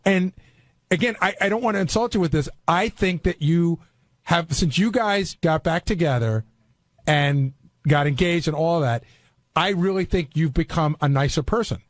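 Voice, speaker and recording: A man on a radio show, explaining himself in a rapid, earnest way. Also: a little high, dry recording. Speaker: show staffer. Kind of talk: casual studio talk.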